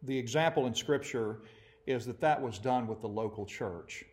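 A man preaching a sermon to his congregation, animated and acting out quoted voices. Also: mid-range voice, normal speed. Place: church assembly.

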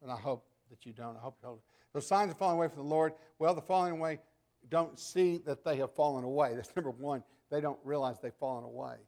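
An older man delivering a sermon, telling stories and acting out the voices of the people in them, moving between loud emphatic lines and soft asides. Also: a little high, fast. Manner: animated storytelling, acting out voices in quotes. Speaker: preacher.

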